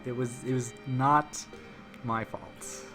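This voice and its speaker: A man's voice: medium pitch, fairly even intonation, takes it slowly. A man hosting a live stream in casual chat, rambling and making self-mocking jokes. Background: music playing.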